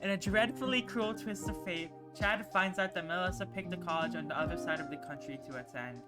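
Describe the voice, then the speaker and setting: Young woman streamer, lowish soft narration, emotional asides, music bed. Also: fairly quick, few pauses. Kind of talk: reading a visual novel aloud on stream. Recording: music playing underneath.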